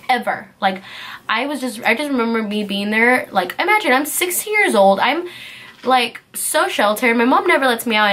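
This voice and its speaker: Bright-voiced woman telling an animated storytime. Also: mid-range voice. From California. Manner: animated, heavy use of "like", acts out quotes. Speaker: beauty vlogger telling a story. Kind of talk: casual storytime.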